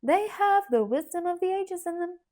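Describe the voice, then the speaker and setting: A woman voicing a bustling, peppery middle-aged schoolteacher aunt with a twang, speaking in a brisk, teacherly manner in an audiobook. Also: extremely high pitch, expressive, mellow, pitched above the performer's own voice. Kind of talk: audiobook character voice.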